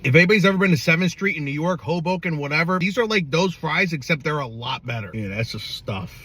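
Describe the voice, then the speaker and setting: High-voiced hyped food-review guy. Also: fast, bright, forceful tone, husky. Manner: hyped, slangy, calls food bodacious. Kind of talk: casual food review vlog.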